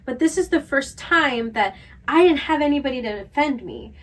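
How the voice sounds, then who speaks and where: A woman co-hosting a podcast, telling a personal story in a casual, animated way with lots of fillers. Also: high voice, normal speed, far from the mic, low-quality recording. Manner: animated storyteller, filler-heavy, laughs often. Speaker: podcast co-host.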